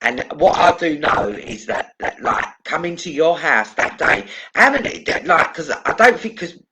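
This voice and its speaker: A man's voice: fairly high pitch, very animated, unhurried, sharp tone. A man chatting casually, agreeing and chipping in supportively. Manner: agreeable, chipping in, laughs along. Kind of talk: casual chat.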